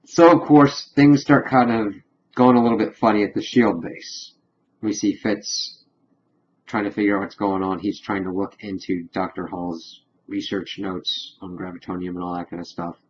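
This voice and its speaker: Rambling man, low voice, dull recording. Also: a little hiss or hum. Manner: rambling, excitable, retells scenes with quick paraphrased quotes. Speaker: TV episode reviewer. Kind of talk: casual spoiler review.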